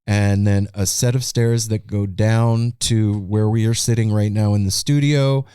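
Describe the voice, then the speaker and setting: A man's voice: lowish voice, steady tone, measured pace, dark tone, clear, resonant tone, dry recording, studio quality. A man co-hosting a podcast, animatedly retelling a story in casual chat and swearing freely. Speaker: podcast co-host. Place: home podcast studio.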